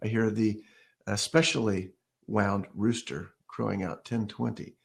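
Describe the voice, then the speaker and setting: A man's voice: on the low side, steady tone, unhurried, creaky. A man giving a casual ukulele lesson, explaining step by step and counting beats or scatting rhythms aloud as he plays. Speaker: ukulele teacher. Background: ukulele playing.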